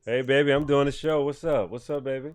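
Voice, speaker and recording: A middle-aged man from Columbus, Georgia, hosting his podcast with casual shout-outs, loose and profane, jumping into loud bursts and then trailing off. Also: mid-range voice, steady tone, fairly quick, no room sound, studio quality. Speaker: podcast host.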